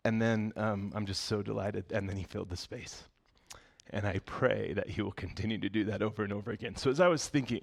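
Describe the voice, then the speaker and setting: A man giving a sermon as pastor, speaking conversationally and telling stories with humor and lively bursts. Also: on the low side, a little fast, creaky, breathy edge. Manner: conversational, animated storytelling with humor.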